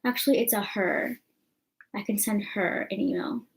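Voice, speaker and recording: A woman's voice: medium pitch, moderate pace, gravelly, poor audio. A young woman, rambling casually to camera in a chatty vlog with lots of fillers. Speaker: vlogger.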